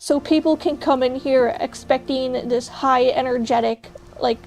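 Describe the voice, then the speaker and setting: A woman's voice: high-pitched, fairly even intonation, unhurried, creaky, a little mellow, faint music behind. A young woman streaming, chatting casually and ranting bluntly with jokes to her chat. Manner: blunt, joking rants to chat.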